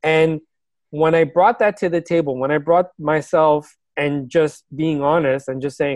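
A man's voice: on the high side, steady tone, measured pace, a little mellow, no echo. A man, a teacher, telling a personal story in a casual, earnest and reflective way, laughing now and then.

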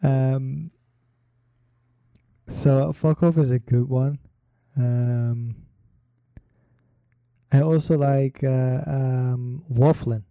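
Male host, unhurried solo chat, very dark mellow voice, dry close sound, rambling with fillers. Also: medium pitch, dry recording, lo-fi sound. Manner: rambling, many fillers and pauses; slow, relaxed delivery. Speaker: podcast host. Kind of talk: casual solo talk.

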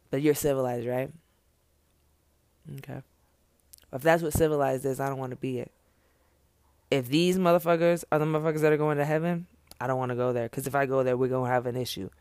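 A man's voice: medium pitch, darkish tone, clean tone, dry recording. A man speaking straight to camera in an impassioned, unscripted monologue, blunt and profane, hammering his points with repeated phrases.

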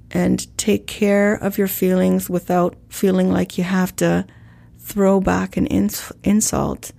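A woman coaching on calming an angry person, talking in a calm, measured way and acting out sample lines. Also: fairly low pitch, creaky. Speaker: communication coach. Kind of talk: instructional talk with role-play examples.

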